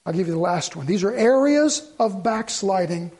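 A man's voice: sits high, lively intonation, normal speed, darkish tone, slightly rough. A middle-aged man preaching a sermon, telling stories and building to fervent emphasis. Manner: storytelling, rising to fervent emphasis. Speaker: pastor.

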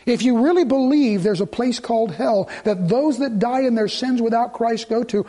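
A man preaching a sermon as pastor, swinging between loud urgency and hushed pleading. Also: very high voice, moderate pace, few pauses.

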